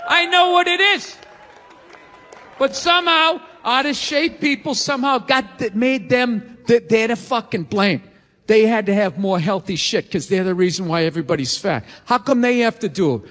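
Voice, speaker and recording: A man's voice: extremely high pitch, normal speed, a bit bright. A man in his forties doing stand-up comedy, ranting with profane, incredulous exasperation. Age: 40s. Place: large theater stage. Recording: live theater with crowd and long reverb. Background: audience laughter.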